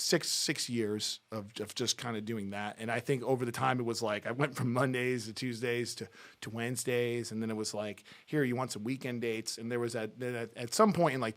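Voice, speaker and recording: A middle-aged man talks as a podcast guest, his pitch sitting right in the middle. He tells long, loose anecdotes, often restarting his sentences and breaking into laughs as he goes. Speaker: podcast guest, music talent buyer. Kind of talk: casual interview storytelling.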